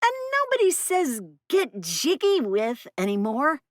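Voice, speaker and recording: A woman's voice: high-pitched, wildly swooping pitch, unhurried, dry recording, studio quality, pitched above the performer's own voice, full character voice. Whiny teenage girl. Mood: grossed out. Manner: whiny, exasperated. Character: teenage girl, squeamish and sassy.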